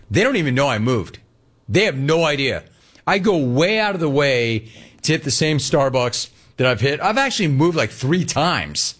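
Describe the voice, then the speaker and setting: An older man hosts a call-in radio show and rants with comic exasperation. His pitch swings widely as he mocks people, and he keeps the talk loose and conversational. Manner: animated rant with mocking voices. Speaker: sports radio host.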